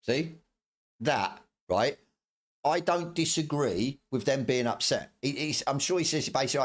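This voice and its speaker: A middle-aged man vents on his stream in a heated, profane rant. He stumbles, restarts and repeats phrases as his temper climbs, with an average-pitched voice. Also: expressive, a little fast. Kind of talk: angry ranting commentary.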